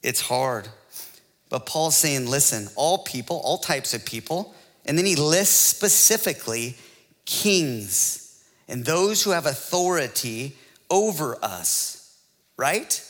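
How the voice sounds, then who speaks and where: A man's voice: a little high, animated, slow pace, a bit bright, big-room sound. A man preaching a sermon as pastor, in a joking, conversational way with frequent laughs.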